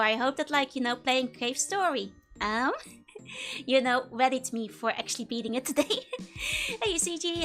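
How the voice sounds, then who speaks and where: A woman's voice: high-pitched, a bit bright. A young woman streaming a game, chatting casually and giggling as she greets viewers by name. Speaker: VTuber streamer. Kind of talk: casual live-stream chat.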